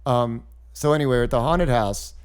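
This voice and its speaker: Animated man telling stories in voices. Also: mid-range voice, fairly quick, clean tone. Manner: animated storyteller doing voices and sound effects. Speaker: guest comedian. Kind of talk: casual storytelling chat.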